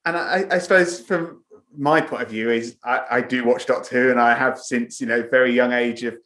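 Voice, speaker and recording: A man interviewing a guest. He asks his questions haltingly and rephrases them as he speaks. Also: medium pitch, steady tone, fairly bright tone. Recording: roomy echoey sound.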